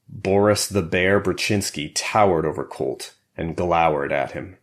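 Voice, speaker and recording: A man narrating an action thriller audiobook in a steady, measured way. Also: sits low. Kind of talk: scripted narration.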